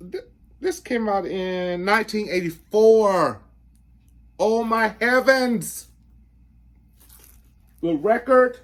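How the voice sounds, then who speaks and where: Slow, animated man chatting about records. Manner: excitable, breaks into falsetto singing; chatty, addresses viewers directly. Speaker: record collector host. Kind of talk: casual vinyl show-and-tell.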